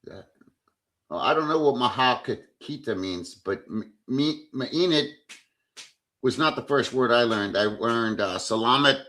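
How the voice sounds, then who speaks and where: A man hosting a casual livestream, telling stories in an animated way, reading chat comments aloud and swearing freely. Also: medium pitch, unhurried. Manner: animated storyteller who reads chat aloud. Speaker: livestream host. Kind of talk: casual live-stream chat.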